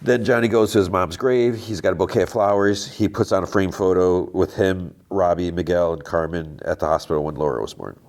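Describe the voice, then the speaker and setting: A man's voice: low voice, fairly even intonation, a little fast, hardly any pauses, a little mellow. A man hosting a podcast, giving a casual, rambling recap of a TV episode and quoting the characters as he goes. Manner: rambling, quotes characters with lots of "he's like". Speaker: podcast host.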